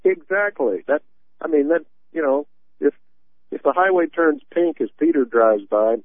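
A man's voice: a little high, animated, moderate pace, no echo. A man hosting a political talk radio show, telling stories with a sarcastic, rambling manner. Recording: tinny dry phone-line sound.

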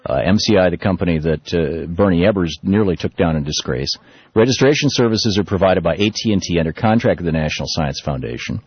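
Male radio host, husky and fairly low, dry muffled broadcast sound, loose talky delivery. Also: fast, dry recording. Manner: loose, animated delivery with many restarts and fillers. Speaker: radio talk show host. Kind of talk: political talk radio monologue.

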